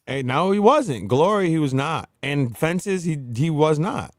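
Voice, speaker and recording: A man hosting a podcast, chatting casually, laughing often and breaking into disbelieving shouts. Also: a little high, expressive, unhurried, a little hiss or hum. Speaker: podcast host. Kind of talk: casual chat.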